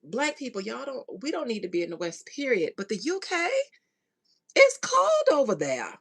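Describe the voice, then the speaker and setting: A woman hosting a podcast in a casual chat with listeners, laughing a lot and swinging between hushed asides and loud outbursts. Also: fairly high pitch, big pitch swings, fairly quick, husky. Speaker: podcast host.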